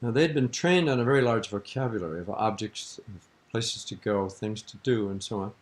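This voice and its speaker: On an archival tape recording, an older man being interviewed tells a long, rambling anecdote in an amused tone, breaking into laughter. His voice is on the low side and moves at normal speed.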